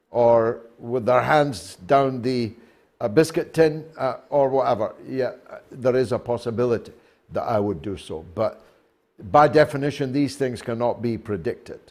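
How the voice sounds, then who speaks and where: A man hosting a talk show, speaking in a slow, deliberate and wry way with many filler pauses. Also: medium pitch, darkish tone. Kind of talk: talk show monologue and interview.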